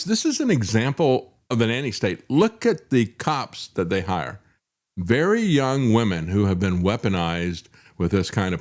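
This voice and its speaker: A male talk show host giving indignant, sarcastic commentary, with frequent fillers. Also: medium pitch.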